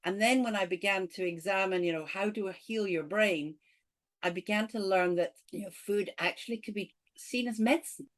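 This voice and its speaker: A woman, an author and coach, talking as a podcast guest and earnestly, eagerly explaining ideas in a relaxed conversational way. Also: medium pitch, normal speed. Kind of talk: conversational interview.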